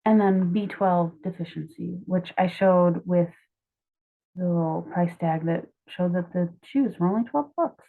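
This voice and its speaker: A young woman with a lowish voice explains her study drawings in a loose, chatty way, tossing in asides and fixing her own slips. The audio is thin and narrow, as if over a phone. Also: a little slow, vocal fry. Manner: chatty, self-correcting, offhand asides. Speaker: student explaining drug mnemonics. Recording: tinny phone-like sound.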